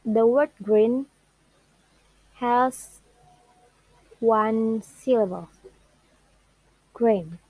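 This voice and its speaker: A young woman, a student whose first language is Indonesian, presenting what she learned about English word stress in a careful, halting way and drawing out example words. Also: on the high side, no echo, phone-quality sound. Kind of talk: classroom presentation.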